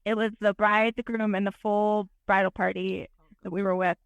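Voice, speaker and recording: A woman photographer, a podcast guest, telling an animated, self-deprecating story in casual interview talk. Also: mid-range voice, moderate pace, gravelly, no room sound, highs cut off.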